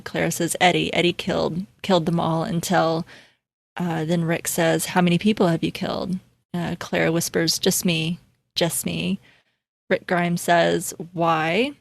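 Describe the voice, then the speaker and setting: A woman podcast co-host reading listener comments quickly in casual chat, without doing any accents. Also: lowish voice, gravelly, no room sound.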